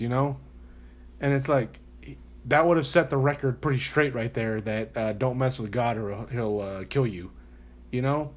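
A man's voice: mid-range voice, moderate pace. Earnest man hosting a faith podcast. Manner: earnest, preachy, acts out quotes. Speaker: podcast host. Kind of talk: casual faith podcast chat.

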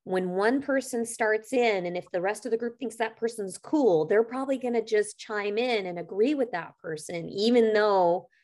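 A woman's voice: medium pitch, normal speed, few pauses, a little mellow. A middle-aged woman co-hosting a podcast, telling a personal story in an earnest, reflective, conversational way. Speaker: podcast co-host.

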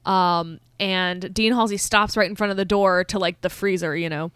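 A woman's voice: medium pitch, normal speed, clean tone, no echo, studio quality. A young woman co-hosting a podcast, recapping a film in casual chat, gushing and acting out quotes with lots of filler words. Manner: gushing, animated, acts out quotes with many filler likes. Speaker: podcast co-host.

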